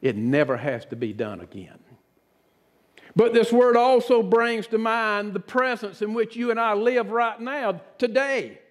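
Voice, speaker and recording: High-voiced pastor preaching in an echoing church. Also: male voice, expressive, a little slow. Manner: earnest, dramatic preaching with sudden drops to a hush. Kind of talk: sermon. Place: church sanctuary. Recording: reverberant church sanctuary.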